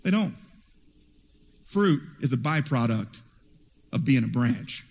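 A man preaching a sermon in an animated storytelling way, heard in a church hall with reverb. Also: mid-range voice, takes it slowly, slight background noise. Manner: animated storytelling with acted quotes.

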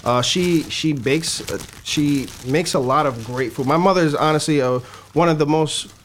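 A man's voice: on the high side, moderate pace, slight background noise. A man chatting casually as a guest on a radio show, rambling with many restarts. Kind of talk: casual chat. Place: radio studio.

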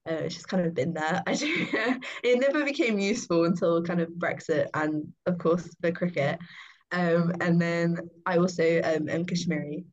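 A woman's voice: lowish voice, moderate pace. Chatty young woman, lo-fi sound. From England. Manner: chatty storytelling with frequent ums and little laughs. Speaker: guest cricketer. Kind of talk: casual interview chat. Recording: dull lo-fi sound.

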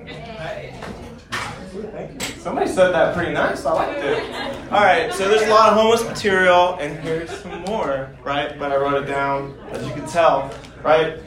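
A man's voice: on the high side, normal speed, reverberant, crowd noise. A man doing stand-up comedy and recapping his set, profane, rambling and self-deprecating. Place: comedy club stage.

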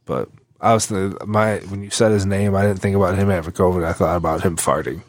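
Man, lowish voice, hesitant rambling co-host, dry recording. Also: little pitch movement, a little fast, dry recording. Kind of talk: casual chat.

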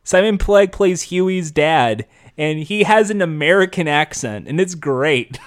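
Animated man in casual chat. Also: a little high, measured pace. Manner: animated, laughs often, does mock voices. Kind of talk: casual chat reviewing a TV show.

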